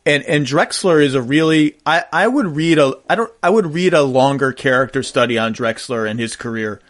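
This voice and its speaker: A man's voice: medium pitch, lively intonation, moderate pace, a bit bright. A man hosting a podcast interview, asking eager, rambling questions. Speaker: podcast host. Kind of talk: casual interview.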